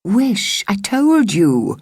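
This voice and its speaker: A woman's voice: mid-range voice, sing-song, drawn-out words, a little mellow, slightly rough, no room sound, clean studio sound, voice pushed up, full character voice. A woman voicing a serious young evacuee girl who speaks earnestly and urgently. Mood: scolding.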